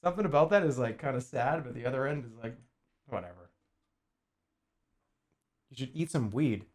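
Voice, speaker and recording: Casually streaming and working on a puzzle, a man in his forties trades jokes and swears as he chats with viewers. He speaks at a moderate pace in an expressive, medium-pitched voice.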